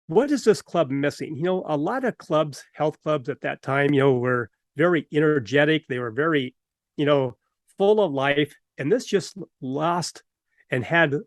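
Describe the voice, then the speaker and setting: A man hosting a podcast, telling a personal anecdote in an animated storytelling manner. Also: on the high side, no echo. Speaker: podcast host.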